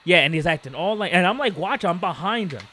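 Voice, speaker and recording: A man's voice: high-pitched, fast, slight background noise. A man co-hosting a podcast, casually telling a story and acting out the voices of the people in it. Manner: animated storyteller, acts out quoted voices. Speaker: podcast co-host.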